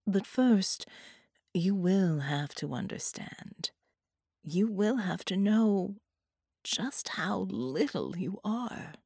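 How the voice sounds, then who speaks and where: A woman's voice: mid-range voice, animated, slightly rough, no echo, clean studio sound, heavily acted. A woman doing a gloating seductive captor. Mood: gloating hush. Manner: slow, hushed, possessive.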